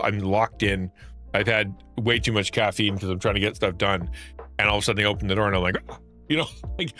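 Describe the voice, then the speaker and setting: A middle-aged man streaming, talking casually and acting out anxious thoughts with frequent laughs. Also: fairly low pitch. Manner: animated, acts out anxious inner thoughts, laughs often. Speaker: streamer and Christian content creator. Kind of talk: casual livestream talk.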